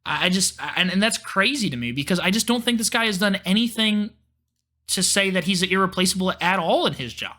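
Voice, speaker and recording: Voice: medium pitch, expressive, fairly quick, pushed and bright. A podcast co-host in casual sports chat, ranting animatedly about football with frequent swearing.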